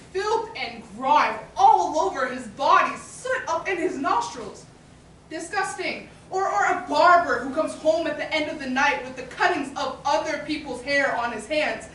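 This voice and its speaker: A woman's voice: high-pitched, fairly bright tone, slight background noise. A woman playing a brash street performer who hustles passersby on stage, with a sly, wheedling sales patter. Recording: echoey hall from far off.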